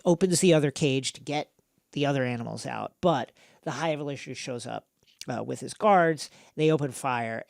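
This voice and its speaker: Man, gravelly, podcast host, dry close sound, animated storytelling. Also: mid-range voice, dry recording. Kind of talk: casual film recap chat.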